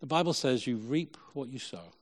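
Male pastor, lively preaching, church hall, long reverb tail. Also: mid-range voice, normal speed. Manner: lively preaching, repeated "Lord" in prayer. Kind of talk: sermon.

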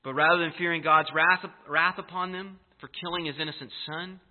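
A man with a fairly high voice preaches a sermon, telling the story in a lively, emphatic way. The sound is thin and tinny, like it was caught over a phone line. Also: brisk. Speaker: pastor.

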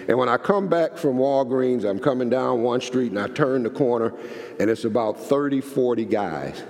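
A male pastor tells a story in a sermon, his voice rough with gravel. He talks in lively bursts, climbing and dropping in pitch and repeating words as he goes. The hall adds a long, trailing echo behind him. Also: moderate pace.

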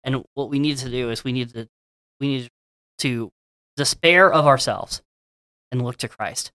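A man's voice: mid-range voice, moderate pace, sharp tone, smooth, no room sound. Brief: man with a mid-range voice, earnest and encouraging, dry close mic. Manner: earnest, exhorting, with repeated phrases. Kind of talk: casual conversation about faith.

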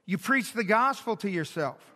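A middle-aged man preaches from the pulpit with a high, bright, ringing voice. He tells stories in an animated way and drops from loud bursts to a hushed, intimate tone. Long reverb from a large hall trails each phrase. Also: normal speed. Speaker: pastor. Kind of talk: sermon.

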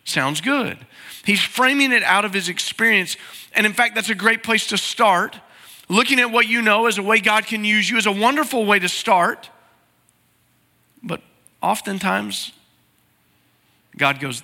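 A man's voice: sits high, unhurried, long pauses, bright, forceful tone. A man preaching a sermon as pastor, earnest and pleading. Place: large church sanctuary. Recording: reverberant sanctuary sound.

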